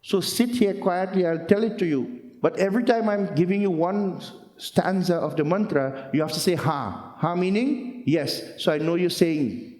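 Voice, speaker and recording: Shiva, calm god, as a man tells the story. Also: high-pitched, moderate pace, close to an everyday voice. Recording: roomy hall with long echo.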